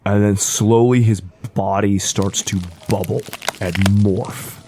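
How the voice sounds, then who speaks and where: Male game master, gravelly low voice, casual animated narration. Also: slow pace, very noisy.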